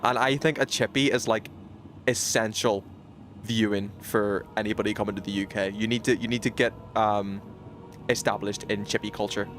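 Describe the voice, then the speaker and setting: A man's voice: fairly low pitch, steady tone, moderate pace, a bit bright, soft background music. Rambling British man chatting on stream. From United Kingdom. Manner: rambling, many fillers and restarts, reacts to chat. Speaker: game streamer. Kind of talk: casual chat with stream chat.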